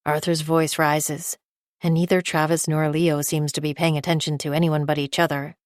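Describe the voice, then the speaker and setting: A woman narrating a thriller audiobook in the first person with a steady, measured reading. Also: low-pitched, dry recording, studio quality.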